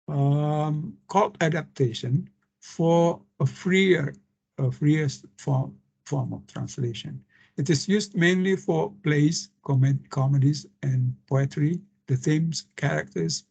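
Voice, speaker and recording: Indonesian guy lecturing over screen share, low mellow voice, keeps going uh and restarting. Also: vocal fry, breathy edge. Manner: halting, many fillers and restarts.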